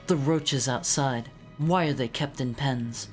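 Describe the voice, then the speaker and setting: A man voicing a calm, stern female warrior from a game, speaking in a formal, measured way. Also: mid-range voice, faint music behind, lightly acted. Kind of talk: game voiceover on stream.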